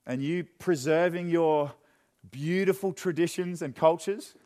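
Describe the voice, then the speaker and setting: A young man preaching a sermon in a church, chatty and joking, then dropping into quiet, earnest questions. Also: fairly high pitch, a little slow. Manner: conversational and joking, with sudden drops to quiet earnestness. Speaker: pastor. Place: church hall.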